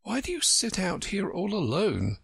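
A man voicing a polite, curious young girl in a storybook reading, speaking gently in a raised voice. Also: high-pitched, huge pitch swings, moderate pace, gravelly, husky, no room sound, voice pushed up, heavily acted. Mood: gentle.

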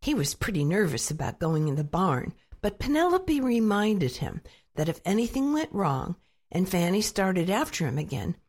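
Woman reading a children's storybook aloud. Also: moderate pace. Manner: expressive read-aloud with lively pitch. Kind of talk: storybook narration.

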